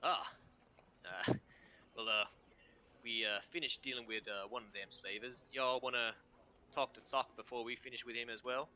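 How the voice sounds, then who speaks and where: An Australian man voicing a rough, blunt male guard who drawls and pauses as he speaks. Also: mid-range voice, fairly even intonation, sharp tone, a little hiss or hum. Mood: casual.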